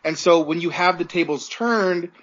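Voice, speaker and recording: A man's voice: a little high, normal speed, fairly bright tone. A man on a podcast co-hosting a casual chat, talking emotionally and rambling with many restarts. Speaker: podcast co-host. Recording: dull lo-fi sound.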